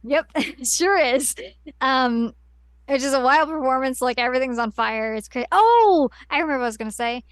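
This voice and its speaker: With a high, fairly bright, clear and resonant voice, this podcast co-host talks at a moderate pace and fairly even intonation, with no echo. She chats casually, recapping a story at length in a rambling way with plenty of fillers and restarts.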